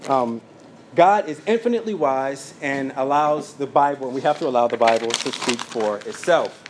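A man teaching a sermon from his notes, speaking plainly with frequent fillers and quick asides. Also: mid-range voice, noisy background. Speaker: pastor.

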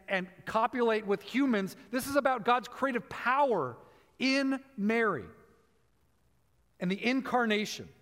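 A man preaching a sermon, explaining scripture and slowing down to stress key phrases. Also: sits high, fairly bright tone. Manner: teaching, emphatic with slow stressed phrases. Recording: long hall reverb.

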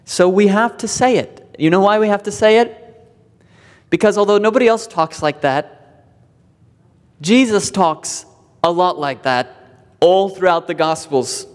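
Emphatic high-voiced male pastor preaching. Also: in a large hall. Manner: emphatic, repeating key words with pauses. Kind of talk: sermon. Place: church sanctuary.

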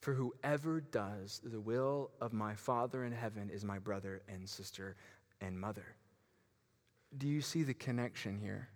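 A man preaching a sermon in a church gym, telling a story with lots of fillers and restarts. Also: mid-range voice. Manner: animated, with frequent fillers and restarts. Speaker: pastor. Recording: long hall reverb.

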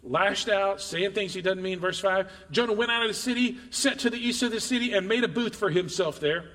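A man preaching a sermon, reading scripture aloud and voicing its speakers with animated emphasis, asking the crowd questions. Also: high-pitched, a little fast. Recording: long reverb of a large hall.

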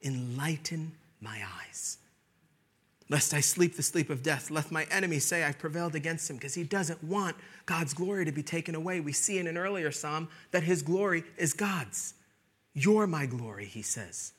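A man preaching a sermon in a church, swinging between loud emphatic declarations and hushed, whispered lines. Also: a little high, moderate pace, slightly rough. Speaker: pastor.

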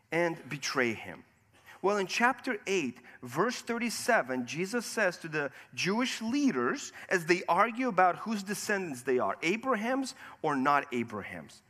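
A man's voice: high voice, pushed and bright. A man preaching a sermon, walking through scripture verse by verse and asking rhetorical questions. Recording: long hall reverb.

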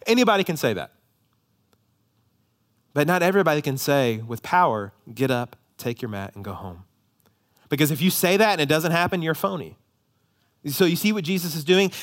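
A man preaching a sermon, moving between hushed, slow passages and emphatic ones, often repeating words as he restarts. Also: fairly high pitch. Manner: dynamic, shifts between hushed and emphatic delivery; frequent quick repetitions and restarts. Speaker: pastor.

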